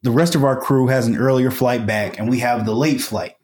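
A man's voice: medium pitch, a little fast. Chatty man telling a story. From United States. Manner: animated, colloquial, lots of fillers and restarts. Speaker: podcast guest. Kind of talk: casual storytelling.

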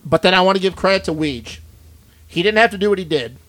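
A man's voice: sits high, animated, fast talker, fairly bright tone, no room sound. A man co-hosting a podcast in a studio, ranting bluntly and swearing a lot in casual chat. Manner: blunt, profane, fired-up ranting. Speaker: podcast co-host.

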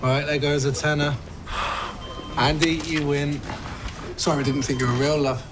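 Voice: mid-range voice, level tone, moderate pace, background noise, lightly acted. An actor playing an offhand, teasing worker at a music paper, in a film clip.

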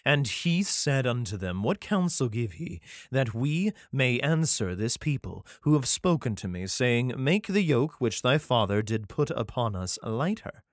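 A man's voice: medium pitch, big pitch swings, a little slow, few pauses, no room sound, studio quality. A man reading archaic scripture aloud, breaking off into irreverent, profane comic asides, sometimes stumbling over the words. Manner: irreverent, profane interjections between archaic verses; stumbles and restarts while reading. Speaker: reader and commentator.

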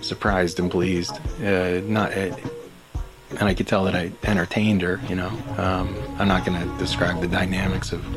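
Male podcast host, low voice, calm, rambling, self-amused, music bed behind. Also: unhurried. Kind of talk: casual solo monologue. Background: background music.

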